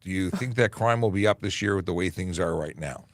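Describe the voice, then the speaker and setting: Gravelly low-voiced police host. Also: male voice, fairly quick, no echo. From Canada. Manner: chatty, jokey, reads chat aloud with many fillers. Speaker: police constable and livestream host. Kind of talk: casual livestream Q&A.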